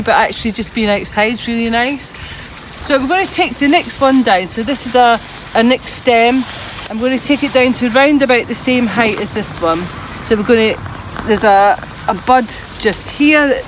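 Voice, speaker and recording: A woman with a fairly high voice talks through a practical gardening demo outside, chatting through each cut she makes. The recording is low quality, with constant outdoor noise and traffic going by.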